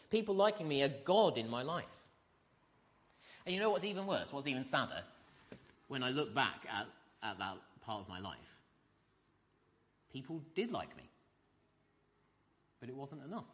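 A man's voice: fairly high pitch, lively intonation, normal speed, pauses often, a bit bright. A man preaching a sermon, talking conversationally and asking his listeners questions. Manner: conversational, asks the congregation questions.

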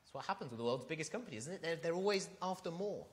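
Conversational male preacher, higher voice. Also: lively intonation, racing. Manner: conversational, asks the congregation questions. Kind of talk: sermon.

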